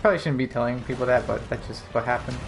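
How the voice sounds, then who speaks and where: This young man hosts a relaxed gaming podcast and talks at a middle pitch. He tells his stories openly and rambles, with likes and ums scattered through. A faint hiss sits under his voice. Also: racing, gravelly. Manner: candid, rambling storyteller with frequent fillers. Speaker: podcast host. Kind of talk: casual gaming podcast chat.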